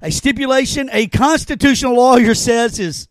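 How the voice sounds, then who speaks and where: A man hosting a casual podcast chat, talking in an animated, excitable way and stammering when he makes a point. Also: very high-pitched, normal speed, no room sound. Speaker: podcast host.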